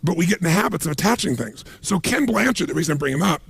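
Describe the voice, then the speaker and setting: Man as motivational speaker, high husky voice, animated storyteller. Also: very fast, no room sound. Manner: animated storytelling with emphatic asides. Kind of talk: motivational seminar talk.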